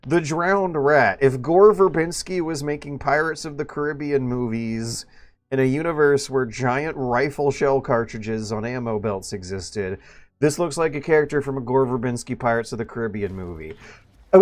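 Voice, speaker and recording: A man casually commentating a live game stream, rambling and joking as he goes. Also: medium pitch.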